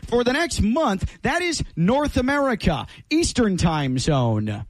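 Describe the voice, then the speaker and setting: A man's voice: sits high, wildly swooping pitch, slow, no room sound. A man hosting a sports radio show, ranting with mock indignation through a countdown list and mocking complainers. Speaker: host. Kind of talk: sports radio rant segment.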